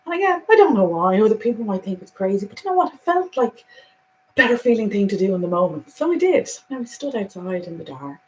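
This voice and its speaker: A woman giving a reflective spiritual monologue, earnest and animated, moving between soft musing and emphatic conviction. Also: mid-range voice, fast, dull audio. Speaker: spiritual speaker.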